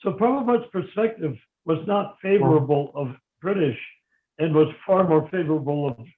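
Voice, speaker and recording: A man's voice: a little high, animated, normal speed. A man raised in America, answering a question at length in a live Q&A, telling history in a rambling, discursive way. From United States. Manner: discursive, digressive storyteller. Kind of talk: live Q&A, long explanatory answers. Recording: tinny phone-like line in an echoey room.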